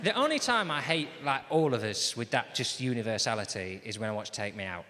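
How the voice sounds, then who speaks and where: An English comedian with an expressive mid-range voice, speaking a little fast, delivers a stand-up set with a stage mic. Sardonic and exasperated, he rants and trades banter with a loudly laughing crowd at a live venue.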